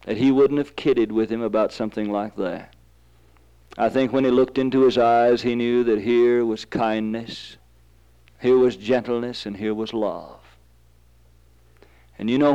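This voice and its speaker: A man's voice: medium pitch, dark tone, smooth, rough recording. A man preaching a sermon, telling stories and rising to fervent emphasis.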